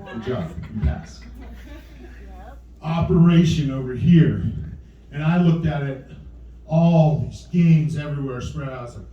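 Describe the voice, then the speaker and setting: A man's voice: mid-range voice, lively intonation, moderate pace, mellow, dull audio, slight background noise. A middle-aged man doing a stand-up comedy set, telling rambling stories in a dry voice and acting out the quotes. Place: small comedy venue with live audience. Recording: echoey room mic from far off.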